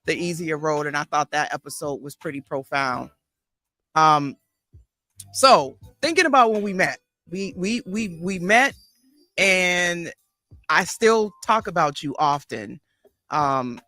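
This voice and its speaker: A woman's voice: low voice, lively intonation, sharp tone, no echo. A woman therapist and life coach hosting an interview, speaking reflectively with frequent restarts. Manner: reflective, halting with restarts and fillers. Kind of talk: casual interview conversation.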